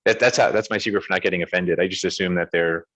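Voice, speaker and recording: Low-voiced man pushing back on a video call. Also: steady tone, fast, a bit bright, muffled recording. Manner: questioning, stumbles and restarts. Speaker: podcast co-host. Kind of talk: casual chat over video call.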